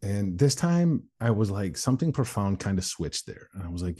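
A man's voice: fairly low pitch, big pitch swings, moderate pace, hardly any pauses, dark tone, breathy edge. A man in his forties, a guest on an interview show, telling his life story candidly and acting out other people's voices. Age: 40s. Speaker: guest, motivational speaker.

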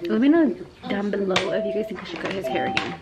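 A woman's voice: mid-range voice, big pitch swings, quick pace, over loud music, low-quality recording. A young woman vlogging casually on a phone, rambling with lots of fillers and talking to her little son. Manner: rambling, filler-heavy, talks to her toddler. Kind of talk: casual chat. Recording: loud street and traffic noise.

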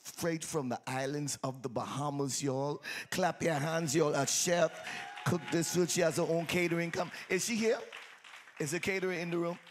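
A man, preaching a lively sermon and calling out to his congregation in a teasing, sing-song way. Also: fairly high pitch, normal speed, slight background noise. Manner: exuberant, teasing, sing-song, calls out to the crowd. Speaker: pastor. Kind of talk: lively church sermon with congregation call-and-response. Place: church sanctuary with congregation. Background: faint crowd of churchgoers.

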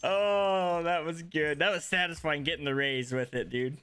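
A young man streaming a shooter game, excitable and laughing, chatting with teammates and thanking viewers on a headset mic. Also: a little high, normal speed, clean tone. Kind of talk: casual gaming chat.

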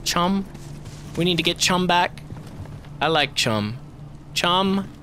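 A man giving profane, excitable let's play commentary, swinging from mutters to shouts and talking to the enemies on screen. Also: high voice, slow pace, slight background noise. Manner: talks to the game and its enemies. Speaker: gamer.

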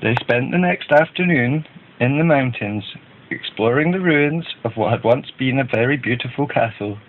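A man narrating a children's storybook in a gentle, even read-aloud manner. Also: mid-range voice, moderate pace, noisy background. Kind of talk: storybook reading. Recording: tinny phone-like band.

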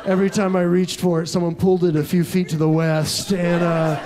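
A young man from Texas, his voice sitting high for a man, works a comedy club crowd with a stand-up set. He tells absurd stories in a deadpan way and drops quick asides between them. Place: comedy club stage with audience laughter.

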